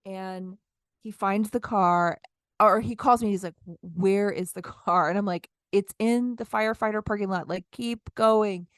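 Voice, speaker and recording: Smooth-voiced woman telling a lively story. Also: mid-range voice, measured pace, dry recording, clean studio sound. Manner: animated, acts out her own lines in quotes. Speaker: podcast co-host. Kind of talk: casual storytelling chat.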